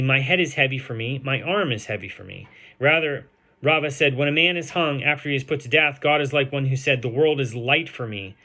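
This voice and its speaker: A man with a bright, forward voice at an ordinary pitch teaches a daily Talmud page. He reads the translated text steadily, drawing out Hebrew and Aramaic words slowly and filling pauses with ums and uhs. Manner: reads translated text aloud, slowing to sound out Hebrew and Aramaic terms, with fillers. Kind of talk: reading and explaining a Talmud page.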